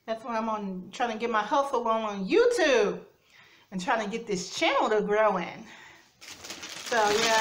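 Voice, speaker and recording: A woman eating-show vlogger talks straight to camera from her kitchen at home. She rambles loosely from one thought to the next and fills the gaps with plenty of "uh" and "yeah". Her voice sits at an ordinary middle pitch for a woman. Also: a bit bright. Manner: rambling, chatty, many fillers. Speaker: mukbang vlogger. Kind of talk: casual chat to camera.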